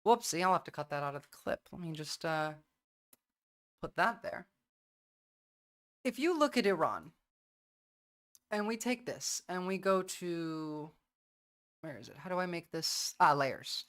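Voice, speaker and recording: A woman's voice: fairly low pitch, expressive, a little slow, long pauses, a bit bright. Blunt, rambling woman streamer. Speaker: livestream host. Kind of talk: casual stream commentary.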